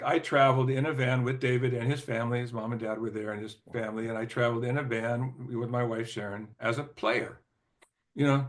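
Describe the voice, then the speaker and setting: An older man, a former record executive, telling stories as an interview guest in a loose, rambling way, with lots of "you know" and throat clearing. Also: mid-range voice. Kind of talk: casual anecdotal storytelling.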